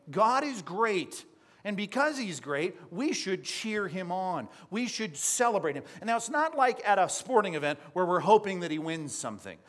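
A male pastor preaching a sermon, lively and teaching, often putting questions to the congregation. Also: high voice.

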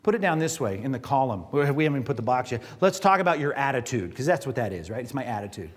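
A man's voice: medium pitch, very animated, fast. A male pastor giving a conversational sermon, often asking the congregation questions. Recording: reverberant hall.

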